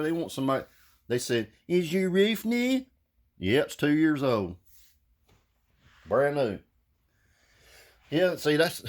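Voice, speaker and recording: A man telling a story to his viewers in a casual rant, blunt and heavy with profanity. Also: medium pitch. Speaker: vlogger.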